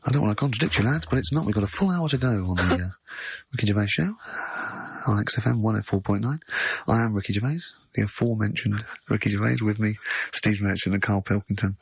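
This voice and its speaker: A man hosting a radio show, chatting casually and telling animated stories with high-pitched impressions of friends. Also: fast, creaky, breathy edge, dry recording. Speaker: radio host. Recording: dry, lo-fi radio studio recording.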